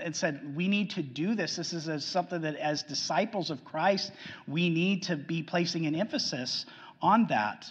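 A man preaching a sermon earnestly, repeating his points and swinging from loud emphasis to hushed low lines. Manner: earnest, repetitive, frequent restarts, swings between loud emphasis and hushed lows. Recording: muffled sound with long hall reverb.

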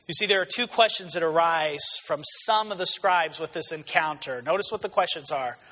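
A man's voice: a little high, very animated, normal speed, few pauses, bright, forceful tone. A man preaching a sermon, emphatic and repeating phrases for stress. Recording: long hall reverb.

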